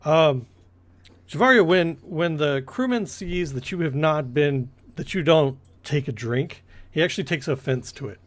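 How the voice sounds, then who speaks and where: A man's voice: on the high side, animated, moderate pace. Rambling male game master. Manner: rambling, corrects himself often. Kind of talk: narrating a tabletop game.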